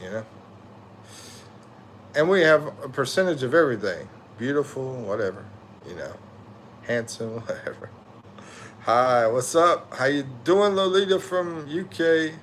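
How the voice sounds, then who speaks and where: A man's voice: mid-range voice, a bit bright, a little hiss or hum. A tired middle-aged man from the USA hosting a livestream, rambling and correcting himself as he chats loosely with viewers. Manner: rambling, self-correcting, loose slangy talk. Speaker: livestream host. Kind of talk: casual livestream chat reading viewer comments.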